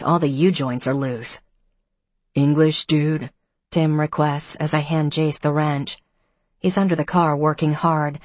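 A woman's voice: deep voice, a little mellow, breathy edge, dry recording. A woman narrating a first-person novel as an audiobook, giving each character a slightly raised voice in dialogue.

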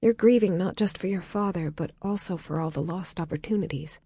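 Woman playing a gentle young woman, soft half-whisper, low husky tone. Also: fairly quick, no echo, studio quality. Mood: tender, hushed.

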